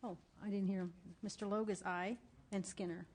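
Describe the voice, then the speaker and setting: A woman serving as committee secretary, calling the roll in a deliberate manner. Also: mid-range voice, fairly even intonation, darkish tone. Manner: slow, deliberate name-calling. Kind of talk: roll call.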